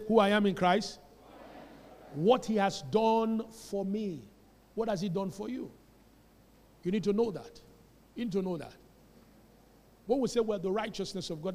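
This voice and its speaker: A man's voice: high voice, a little mellow, in a large hall. A Nigerian man preaching a sermon as a pastor. He tells stories with Pidgin asides and builds to emphatic calls. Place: church.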